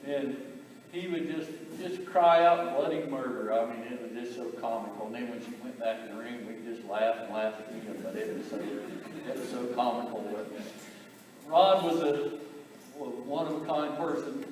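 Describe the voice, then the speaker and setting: A man gives a eulogy at a memorial in a large hall, recorded from far off on a camera. His voice is mid-pitched and his telling is halting, with restarts and soft chuckles. There is a long echo and faint room ambience behind him. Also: a little hiss or hum. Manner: halting, repeats words, chuckles through stories. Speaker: brother of the deceased giving a eulogy. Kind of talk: eulogy with family anecdotes. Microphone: distant camera.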